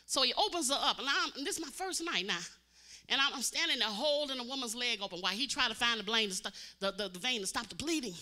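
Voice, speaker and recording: Bright-voiced woman preacher, dramatic. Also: on the high side, lively intonation, brisk. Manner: dramatic storytelling, swinging from loud cries to hushed tones. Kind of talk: sermon.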